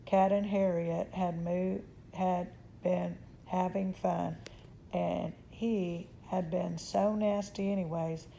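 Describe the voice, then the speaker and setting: A woman reading a children's chapter book aloud in a calm, measured way. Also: fairly low pitch, vocal fry, slight background noise. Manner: calm, measured, occasional restarts.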